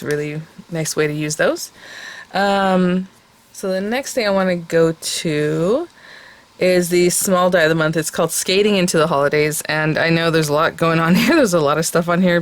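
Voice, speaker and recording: A woman hosting a craft channel, casually walking through a product unboxing, chatty and full of ums as she thinks aloud. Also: low-pitched.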